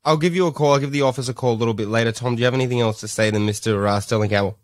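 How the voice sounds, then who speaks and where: A man's voice: medium pitch, very fast, no room sound, clean studio sound. A man co-hosting a comedy podcast, hesitant and full of filler words as he plays along with a caller. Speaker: podcast co-host.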